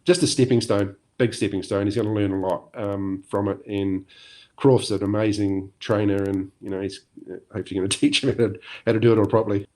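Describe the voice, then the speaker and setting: A middle-aged man with a New Zealand accent, chatting as a podcast guest in a relaxed, rambling way with many fillers. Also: on the low side, brisk. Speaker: podcast guest, former motocross champion. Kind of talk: casual interview chat.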